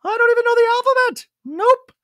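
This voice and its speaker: A man putting on a mocking impression of a haughty upper-crust woman in a high, airy falsetto, with a sing-song, mock-dramatic delivery. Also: brisk, bright, forceful tone, no room sound, studio quality. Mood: flustered.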